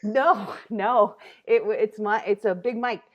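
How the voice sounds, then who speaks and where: A woman in her thirties hosting a comedy talk show, telling a story in an animated, laughing, casual way. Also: mid-range voice, unhurried, highs cut off.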